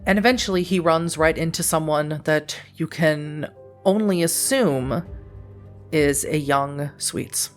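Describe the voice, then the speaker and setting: A woman with a low voice narrates a tabletop role-playing game as storyteller. Her delivery is descriptive and measured, with faint music underneath.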